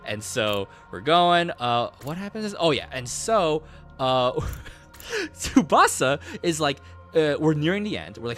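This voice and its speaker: A male streamer tells a long game story in a casual, rambling way, full of fillers, restarts and cursing. His pitch sits in an ordinary middle range but swings widely as he talks. Faint music plays behind him. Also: animated, moderate pace, a bit bright.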